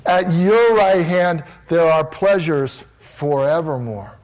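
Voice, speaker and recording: A pastor delivers a sermon in an earnest, emphatic manner, his voice sitting a little higher than most men's. He often restarts phrases as he builds his points. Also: takes it slowly, darkish tone.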